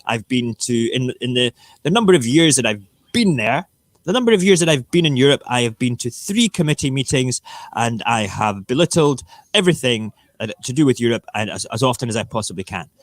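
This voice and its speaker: A man's voice: medium pitch, expressive, a little fast, no room sound, natural voice. Man's impression of a smug, boastful politician; a bit raised and pushy, dry sound. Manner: self-important bragging. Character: pompous boastful male politician.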